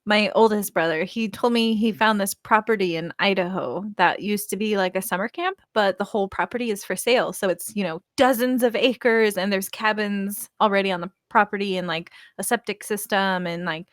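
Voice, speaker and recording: A woman's voice: mid-range voice, normal speed, few pauses, dry recording, clean studio sound. A woman in her thirties chatting casually on a stream, rambling through stories and laughing often. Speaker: guest co-host. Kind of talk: casual chat on a live stream.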